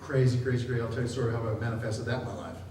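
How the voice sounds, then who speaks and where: A man's voice: medium pitch, fairly even intonation, rapid-fire. A middle-aged man giving a chatty, jokey seminar talk to a live audience, often laughing as he speaks. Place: large room with an audience. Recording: distant, echoey hall with noise.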